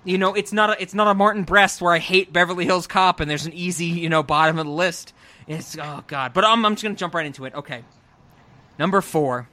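Young male podcast co-host, high and bright, gushing and profane. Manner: gushing, enthusiastic, swears freely. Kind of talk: casual film discussion.

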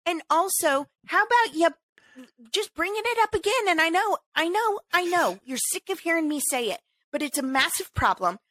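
Brief: high-pitched woman podcast host, exasperated, animated ranting, close dry mic. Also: moderate pace, no room sound. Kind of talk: casual chat.

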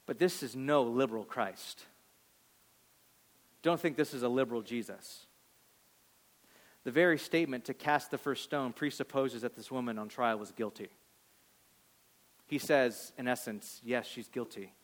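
A male pastor delivering a sermon, building to loud emphatic peaks and dropping to hushed quoted lines, acting out voices from the story. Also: medium pitch, unhurried, long pauses. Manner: acts out voices of people in the story.

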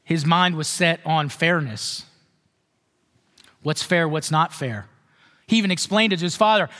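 A man's voice: fairly high pitch, unhurried, long pauses, bright, forceful tone, in a large hall. A male pastor giving a sermon in a conversational way, often checking with the congregation. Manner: conversational, asks the congregation questions.

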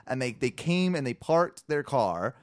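A man's voice: mid-range voice, sing-song, unhurried, dry recording, clean studio sound. A man co-hosting a podcast, telling a long, rambling, profane story in casual chat. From Orlando area, Florida. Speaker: podcast co-host.

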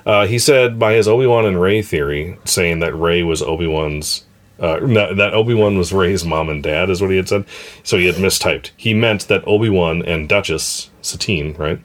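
A man's voice: low-pitched, normal speed. A man hosting a casual podcast chat, reading listener emails and laughing often. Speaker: podcast host.

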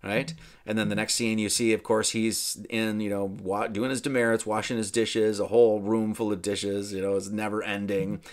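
A man's voice: on the low side, little pitch movement, normal speed. A man hosting a casual film commentary, rambling, tagging lines with right? and acting out characters' lines. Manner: rambling, keeps asking right?. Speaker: host.

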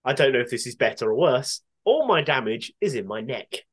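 A man's voice: medium pitch, very animated, fairly quick, poor audio. A man in a loose podcast chat, dry and self-mocking, with plenty of swearing. He talks in an easy, offhand way. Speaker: podcast co-host. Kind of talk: casual chat.

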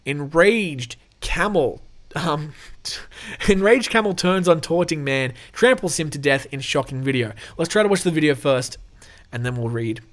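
A man's voice: on the high side, lively intonation, a little slow, fairly bright tone. A man hosting his own show, reading out animal news stories with casual, irreverent jokes. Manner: irreverent, jokey, laughs often. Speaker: show host.

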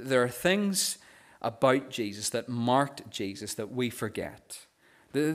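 Stammering male preacher. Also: medium pitch. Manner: stammering restarts on first sounds; earnest, drops softer on key phrases. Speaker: pastor. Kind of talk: sermon.

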